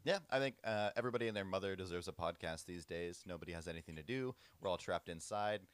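Young guy with a very deep, smooth voice, easygoing podcast co-host. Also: quick pace, no echo. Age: young adult. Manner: relaxed, easygoing storyteller. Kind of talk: casual chat, storytelling.

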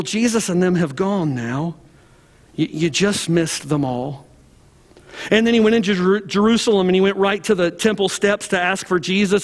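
A man's voice: high-pitched, in a large hall. A man preaching a sermon as a pastor, retelling a story in a casual, conversational way with many fillers. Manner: conversational, frequent "like" fillers, slows and softens toward the end.

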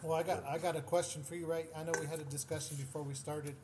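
A man's voice: fairly high pitch, level tone, quick pace. Questioning man on a noisy line. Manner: questioning, interjecting. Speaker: podcast co-host. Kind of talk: casual chat, asking questions.

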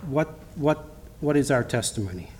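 A middle-aged lay preacher delivers a church sermon woven with personal testimony, his medium-pitched, darkish voice rising and falling with lively intonation. He speaks haltingly, often starting over, and reads scripture in King James wording.

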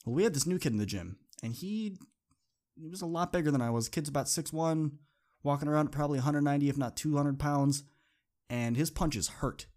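A man with a fairly high-pitched, dark-toned voice hosts a motivational podcast. He tells a personal story earnestly and conversationally, repeating phrases for emphasis.

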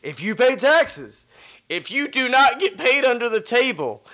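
A man's voice: very high voice, sing-song, unhurried, bright, forceful tone. A man co-hosting a casual podcast, talking bluntly, swearing freely and stumbling over repeated words as he starts sentences. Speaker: podcast co-host.

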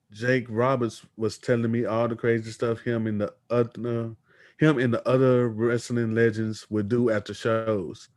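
A man's voice: medium pitch, a little mellow, dry recording. A man co-hosting a podcast, casually chatting about wrestling news and reading quotes aloud. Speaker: podcast co-host.

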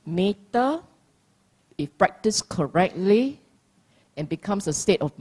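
A woman's voice: mid-range voice, sing-song, slow pace, a little mellow, breathy edge. A middle-aged woman giving a dharma talk, playful and teasing, laughing often. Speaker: dharma teacher.

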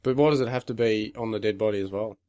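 A man's voice: on the low side, fast talker, mellow, no room sound, studio quality. Laid-back man chatting about a skit. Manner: laid-back, says "mate". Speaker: improv player. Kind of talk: casual improv chat.

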